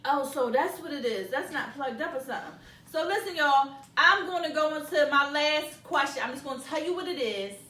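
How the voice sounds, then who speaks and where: A woman hosting a casual talk show, animated and laughing, acting out phone greetings. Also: high-pitched, brisk. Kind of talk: casual panel chat. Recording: roomy, distant mic, faint noise.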